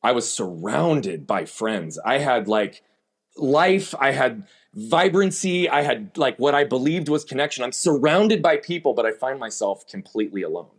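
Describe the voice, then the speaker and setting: At a moderate pace and in an animated, medium-pitched voice, a man tells his story as a podcast interview guest. He is candid and emphatic and asks himself rhetorical questions.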